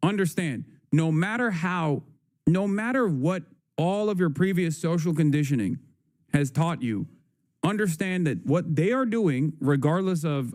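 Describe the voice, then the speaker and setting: A man's voice: fairly high pitch, a little mellow. A man hosting a livestream, talking in an emphatic, profane way and repeating his points. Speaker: livestream host. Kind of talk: casual livestream commentary.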